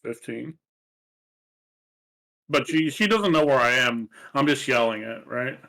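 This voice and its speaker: Unhurried man at a tabletop game. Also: medium pitch, animated, vocal fry, bright, forceful tone, rough recording. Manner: plain, asks the game master questions. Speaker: player.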